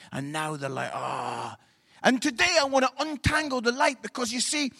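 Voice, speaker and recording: A middle-aged man preaching a humorous sermon at a church service, telling comic stories and bursting into shouts. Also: sits high, no room sound, studio quality.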